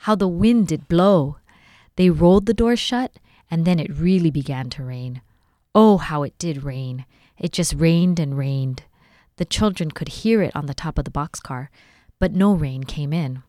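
A woman from a library volunteer group reading a children's book aloud, with clear and expressive narration. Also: deep voice, unhurried, no echo, clean studio sound. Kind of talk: storybook read-aloud.

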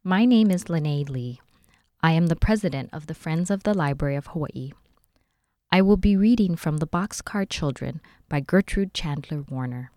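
A woman with a lowish voice reads a children's story aloud, clear and expressive. The recording is close and dry, with no echo at all. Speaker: library volunteer reading aloud.

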